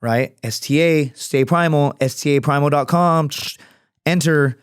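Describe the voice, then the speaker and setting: An American man appears as a podcast guest, swapping profane stories in a relaxed interview chat. His voice is a little high, smooth and unhurried, captured in clean studio quality with no echo.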